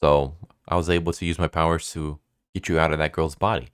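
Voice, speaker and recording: A man's voice: rumbling low, level tone, a little fast, clean tone, no echo, clean studio sound. A man voicing a timid, weepy teenage exorcist boy who talks in a whiny, self-pitying way. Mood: relieved.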